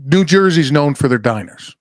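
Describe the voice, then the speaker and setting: A man's voice: a little high, animated, normal speed, no echo. A middle-aged man hosting a podcast, chatting casually, swearing freely and telling stories. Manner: swearing, storytelling with acted-out quotes. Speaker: podcast host. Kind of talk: casual chat.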